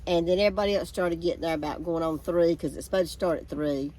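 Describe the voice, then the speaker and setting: A woman's voice: on the low side, fast, warm tone, a little hiss or hum. An older woman, telling homey, rambling family stories in a casual outdoor chat. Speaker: co-host. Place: backyard, outdoors.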